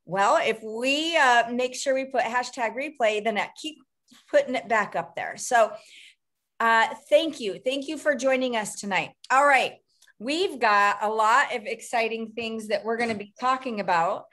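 A middle-aged woman hosts a motivational group coaching call. Her voice sits high, and her talk is upbeat and rambling, breaking into quick bursts. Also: a bit bright.

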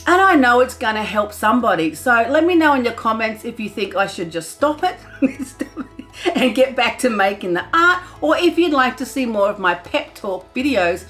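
A middle-aged woman artist giving an excitable, loud and enthusiastic pep talk to her viewers, laughing often. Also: a little high, moderate pace, soft background music. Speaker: artist vlogger. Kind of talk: motivational pep talk to camera.

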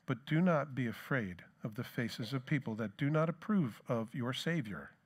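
A man's voice: medium pitch, lively intonation, moderate pace. A middle-aged man preaching a sermon as pastor, in a conversational way, with rhetorical questions and plain asides.

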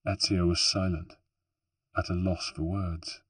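A man reading an audiobook in steady, even scripted narration. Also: sits low, measured pace, no echo.

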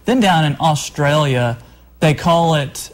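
A man's voice: a little high, slow pace, rough recording. A man co-hosting a local TV morning show, bantering with dry jokes and rambling asides. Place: TV news studio.

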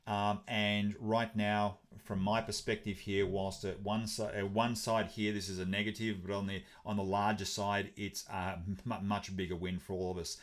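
A man hosting a crypto update video, talking casually with many fillers and restarts. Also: on the low side. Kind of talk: casual explainer commentary.

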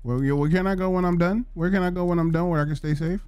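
A man's voice: high-pitched, steady tone, fast talker, a little mellow, faint music behind. A young man streaming live gameplay, cursing and agitated as he keeps telling other players to back off.

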